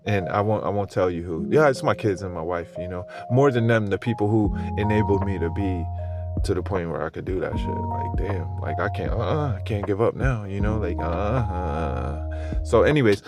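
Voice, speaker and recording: A man's voice: low-pitched, animated, normal speed, music in the background. A tired man giving a profane, slang-heavy, meandering crypto monologue, with brain fog and many restarts. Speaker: crypto commentator. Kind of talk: rambling monologue.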